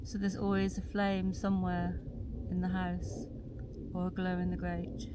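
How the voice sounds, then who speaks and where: A woman's voice: fairly low pitch, completely flat delivery, unhurried, noisy background. A woman vlogging from inside a small tent in winter, chatting aloud to the camera and musing as she goes. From South East London. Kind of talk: casual solo camping vlog.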